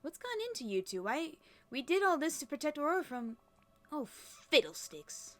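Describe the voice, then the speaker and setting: A woman's voice: high voice, sing-song, normal speed, pitched above the performer's own voice. A woman reading game dialogue aloud as kindly, fussy old fairy aunts who call everyone dear. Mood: sweet, doting. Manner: sweet, doting, calls everyone dear. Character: kindly elderly female fairies, motherly and fussy.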